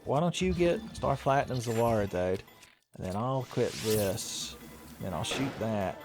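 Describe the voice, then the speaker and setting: A gaming video host with a mid-range voice jokes, swears, and laughs a lot while giving let's-play commentary on his game. He sounds animated but unhurried, with music playing underneath.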